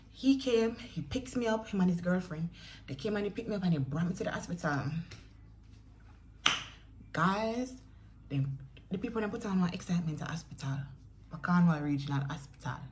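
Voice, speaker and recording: A young Jamaican woman tells stories in a chatty vlog, talking straight to her viewers and acting out the voices of people she quotes. Her voice is lowish and a little mellow, with slight background noise.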